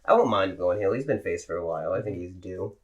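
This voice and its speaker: A man's voice: low voice, animated, fast, lo-fi sound. A man co-hosting a podcast, chatting casually and trading jokes. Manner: joking, bantering. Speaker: podcast co-host. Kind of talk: casual wrestling podcast chat.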